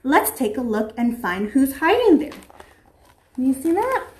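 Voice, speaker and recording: A young woman teaching preschoolers, reading a picture book aloud in an animated, sing-song way and asking the children questions. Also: sits high, unhurried. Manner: animated, sing-song, voices creatures in the story. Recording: echoey room.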